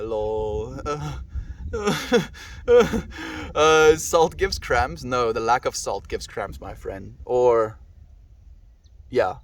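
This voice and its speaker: A man's voice: on the low side, far from the mic, a little hiss or hum. A man with a South African accent, livestreaming and casually reading out and answering viewers' comments by name.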